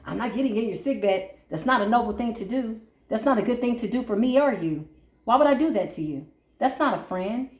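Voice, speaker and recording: A woman doing a spiritual card reading who talks like a preacher one moment and drops into quiet asides the next, calling her listeners baby and boo. Her voice sits a little high. The room around her is audibly echoey. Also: animated, brisk. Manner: emphatic, colloquial, calls listeners baby and boo; swings between preachy intensity and quiet asides. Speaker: spiritual reader. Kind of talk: casual spiritual pep talk during a card reading.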